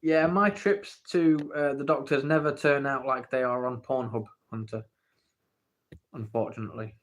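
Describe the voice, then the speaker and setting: A man's voice: medium pitch, fairly even intonation, moderate pace. An English man hosting a casual livestream, reading the chat and playfully pestering viewers for the story. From England. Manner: playful, teasing, pleading for the story. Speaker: livestream host. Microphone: phone.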